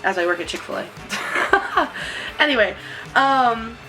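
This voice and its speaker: A woman's voice: on the high side, animated, takes it slowly, pushed and bright, soft background music, rough recording. Chatty young woman vlogger. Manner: chatty, rambling, many fillers and likes. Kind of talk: casual chat to camera.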